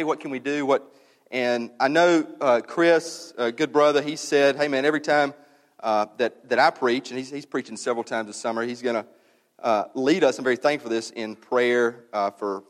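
A man's voice: medium pitch, in a large hall. A man, a pastor talking to his congregation in a casual, candid way with many fillers. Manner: casual and candid, many fillers, reads a passage aloud slowly. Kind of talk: sermon announcement, conversational.

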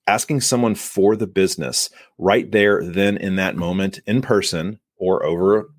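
A man's voice: low voice, dry recording, clean studio sound. A man hosting a sales podcast, coaching listeners in an emphatic monologue and acting out short exchanges with buyers. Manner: emphatic, coaching, acts out buyer and seller lines. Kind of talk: solo podcast advice monologue.

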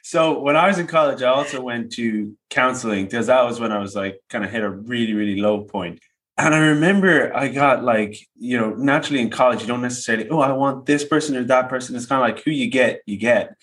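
A young adult man co-hosting a podcast, chatting casually and telling stories in a relaxed way with lots of fillers. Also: medium pitch, fairly quick. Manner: laid-back storytelling with many fillers. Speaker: podcast co-host. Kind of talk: casual chat.

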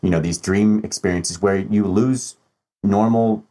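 A man's voice: on the low side, steady tone, unhurried, dark tone. A man, a guest author, thoughtfully explaining ideas in conversation, with fillers.

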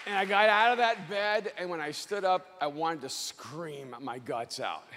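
A man delivers a motivational speech in a high, bright, forceful voice, pushing his lines close to a shout and slowing down for emphasis. His words ring out with a long reverb from a large hall. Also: a faint crowd, slight background noise. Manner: loud and emphatic, often near a shout, with slow dramatic phrasing. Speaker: motivational speaker. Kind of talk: motivational speech to a live audience.

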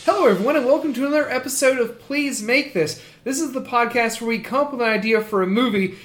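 A man's voice: very high-pitched, brisk, few pauses, a bit bright. A young man hosting a comedy podcast, chatting casually with restarts and laughter. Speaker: podcast host. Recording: echoey room.

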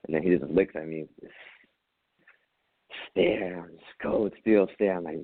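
A man, a Marine veteran, telling a story as an interview guest, animated, acting out his own quotes and laughing often. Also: low voice, moderate pace, husky, no echo, narrow, tinny audio. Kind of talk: casual storytelling.

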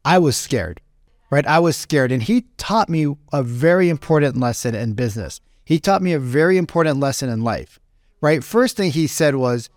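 A man's voice: fairly high pitch, normal speed, no room sound. Rambling man telling a story, close and dry. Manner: rambling, animated, acts out quoted voices. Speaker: podcast host. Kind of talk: casual storytelling monologue.

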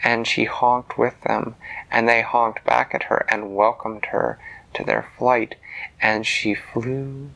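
A man telling a bedtime story to a child in a gentle voice that sometimes drops to a soft whisper. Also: mid-range voice, little pitch movement, slow, gravelly, rough recording.

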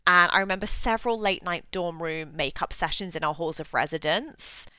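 A woman, a makeup artist telling her own story in an expressive, animated way with frequent laughs. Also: on the low side, moderate pace, dry recording. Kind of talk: personal storytelling monologue.

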